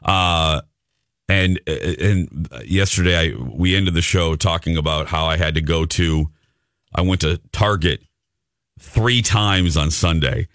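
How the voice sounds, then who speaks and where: Deep-voiced chatty male radio host. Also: slow pace, a bit bright, dry recording, clean studio sound. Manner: chatty storyteller, self-mocking. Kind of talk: casual morning radio chat. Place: radio studio.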